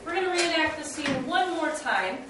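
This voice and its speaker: High-voiced woman teacher, far off in an echoey room. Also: animated, moderate pace. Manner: directing students through a role-play. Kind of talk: classroom instruction. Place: classroom. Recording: very echoey, distant and noisy classroom recording.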